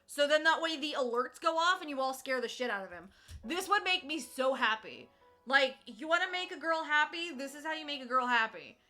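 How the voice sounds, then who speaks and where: Young woman streamer, high piercing voice, chatty and teasing, swears freely, crafting on stream. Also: lively intonation, fairly quick, bright, forceful tone, faint music behind. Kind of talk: casual live-stream chat while cross-stitching.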